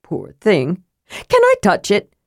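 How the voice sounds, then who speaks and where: A woman voicing a small, excitable male adventurer whose words tumble out in a bubbly rush. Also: medium pitch, slow, no echo, clean studio sound, heavily acted. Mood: excited.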